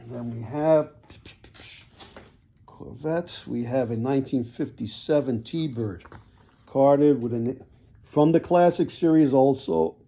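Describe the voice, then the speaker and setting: A man selling toy cars in a casual video, with folksy sales patter, repeated words and frequent throat clearing. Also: medium pitch, slow, long pauses, warm tone. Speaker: toy car seller.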